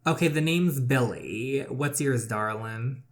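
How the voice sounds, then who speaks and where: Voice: medium pitch, slow pace, lightly acted. A gamer reading the lines of a flirty cattle rancher in his forties with a slight southern drawl. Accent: slight Southern US, put on.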